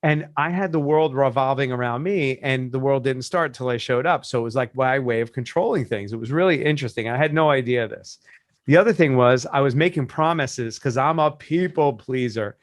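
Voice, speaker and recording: Lively storytelling man coach. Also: mid-range voice, a little fast, dry recording, studio quality. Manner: animated storyteller, acts out quoted voices. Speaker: business coach. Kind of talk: casual podcast chat.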